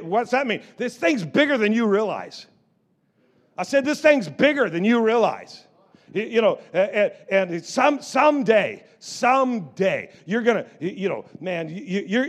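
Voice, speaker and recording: A middle-aged man preaching a sermon in church, stammering through restarts and moving between quiet storytelling and loud exhortation. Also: high-pitched. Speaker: pastor.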